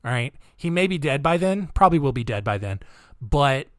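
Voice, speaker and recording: A man's voice: mid-range voice, expressive, brisk, no echo, clean studio sound. A man hosting a podcast, telling a true-crime story casually with wry, incredulous asides and plenty of "um" and "all right?". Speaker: podcast host.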